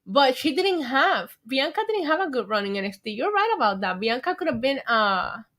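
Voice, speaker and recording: A young woman with a New York accent chats on a casual livestream, tipsy and loose. Her voice sits a little high and sounds bright and forceful, and she breaks into laughter often while reacting to the chat. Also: big pitch swings, normal speed. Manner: tipsy, laughing, chatty, reads chat aloud. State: drunk. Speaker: livestream host.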